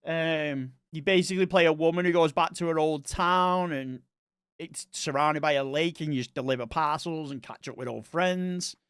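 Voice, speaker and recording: Chatty East Scottish man, smooth voice. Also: a little high, moderate pace, fairly bright tone, no room sound. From Scotland. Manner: chatty and rambling, talks to chat viewers. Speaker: streamer. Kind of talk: casual live-stream chat.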